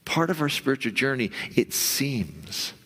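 A male pastor giving a conversational sermon, now and then acting out the voice in your head in a higher, pushier tone. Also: sing-song, unhurried, a bit bright, husky, big-room sound. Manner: conversational, acts out inner voices in a raised pitch.

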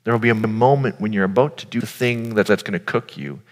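In a long, reverberant hall, a man with a voice on the low side speaks fast as he delivers a heartfelt, informal sermon. He talks directly to his audience in a conversational way.

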